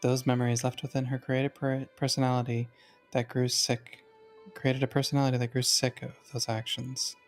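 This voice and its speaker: Leith, a calm and composed dream-world guide, read aloud by a friend. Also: medium pitch, faint music behind, lightly acted. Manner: calm, measured, slightly formal. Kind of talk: reading a visual novel aloud.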